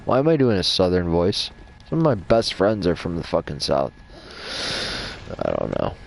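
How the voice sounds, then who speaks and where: A man with a very low, deep voice gives loose, rambling lore commentary over gameplay. He swears constantly and talks in a relaxed, off-the-cuff way. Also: normal speed, vocal fry, slight background noise. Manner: casual, rambling, heavy swearing. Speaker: gaming channel host.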